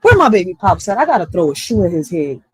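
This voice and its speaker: A woman's voice: on the low side, sing-song, fast talker, a little mellow, husky, no room sound, rough recording. A woman in her thirties chatting casually on a live stream, candid and rambling, often swearing and asking "right?". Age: 30s.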